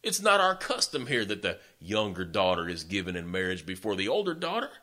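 A man's voice: low voice, huge pitch swings, brisk, sharp tone, heavily acted. A man doing a sly, scheming older man. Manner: smooth, falsely reasonable.

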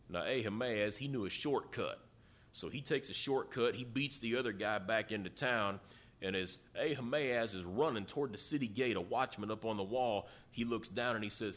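A man's voice: lowish voice, moderate pace, fairly bright tone. A man preaching a sermon, retelling a story in a folksy way and acting out the quotes. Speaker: pastor.

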